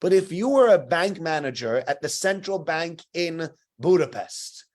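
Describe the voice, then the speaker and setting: A man teaching a weekly Torah lesson. His voice sits fairly high for a man. He talks in an animated, conversational way and tells his points as stories. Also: unhurried.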